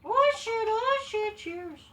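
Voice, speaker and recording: A woman's voice: very high-pitched, expressive, slow pace, sharp tone, far from the mic. Exasperated, foul-mouthed woman ranting off-mic. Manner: exasperated, swears constantly, mocks wrestlers in sing-song quotes. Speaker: wrestling show reviewer. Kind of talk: profane ranting commentary.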